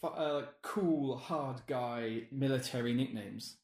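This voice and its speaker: A man's voice: mid-range voice, unhurried, reverberant, crowd noise. A man chatting casually on a podcast, rambling and self-deprecating. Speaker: podcast co-host. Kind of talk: casual chat.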